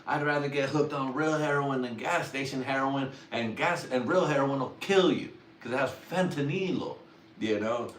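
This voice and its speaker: In a medium-pitched voice at normal speed, he does crude, wandering stand-up on a livestream, cursing and laughing at his own jokes. Captured far from the mic in a roomy space, it has faint ambience and a little hiss or hum.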